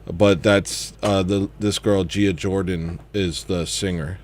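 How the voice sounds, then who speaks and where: A man's voice: low voice, steady tone, slow, slight background noise. A man hosting a casual livestream, chatting about his music in a rambling way that trails off and circles back. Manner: rambling, trails off and restarts thoughts.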